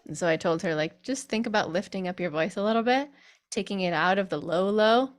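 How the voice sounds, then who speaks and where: A woman's voice: mid-range voice, brisk. A woman vocal coach giving a chatty online group singing lesson, breaking into sung demonstrations.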